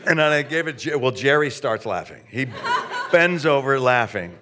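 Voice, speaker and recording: Man, guest, anecdote, animated, stammering restarts, acting out quotes, mid pitch. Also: normal speed, crowd noise. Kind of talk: anecdote storytelling.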